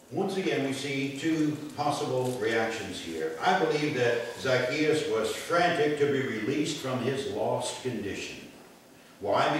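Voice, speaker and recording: A man preaching a sermon in an animated way, swinging from loud calls to soft, low lines. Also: slight background noise. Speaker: pastor. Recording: echoey room, mic far off.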